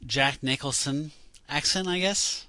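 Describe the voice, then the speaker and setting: Co-host, male, animated and rambling, bright tone, dry studio sound. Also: on the high side, a little slow, no room sound. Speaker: podcast co-host. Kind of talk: casual chat.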